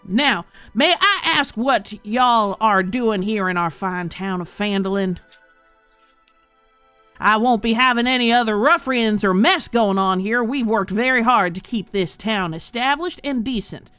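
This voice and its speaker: Woman doing a puffed-up, pompous town official, blustery drawl, a bit louder and higher than her normal voice, tabletop game npc. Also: animated, measured pace, clear, resonant tone, no room sound, soft background music. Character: pompous, balding, heavyset middle-aged townmaster.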